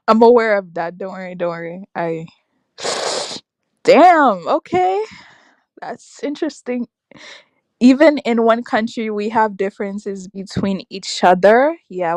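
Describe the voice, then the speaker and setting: A young woman hosting a casual livestream, reacting aloud to her chat with lively, exclamatory talk. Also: mid-range voice, dry recording. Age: young adult. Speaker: livestream host reading chat. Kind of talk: casual live-stream chat.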